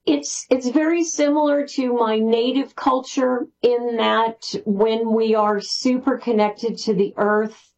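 A woman guest on a radio interview, talking excitedly and rambling with restarts. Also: a little high, slow pace, dull audio. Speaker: spiritual author guest. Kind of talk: interview answers.

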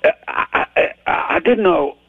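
An older rock singer from Newcastle, England, with a Geordie accent, tells stories in a chatty, self-deprecating interview, restarting often. His voice is high-pitched, animated, slightly rough and at normal speed. The dry audio sounds like a tinny phone-line radio interview.

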